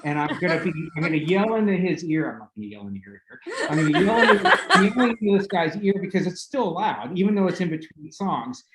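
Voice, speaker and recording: A man hosting a casual podcast, spinning a long anecdote full of fillers and bursts of laughter. His voice sits at an average pitch and sounds roomy and echoey, with a faint hiss under it. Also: fast talker, few pauses. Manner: animated, laughing storyteller with many fillers. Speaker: podcast host. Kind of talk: casual storytelling. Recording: roomy echo with faint noise.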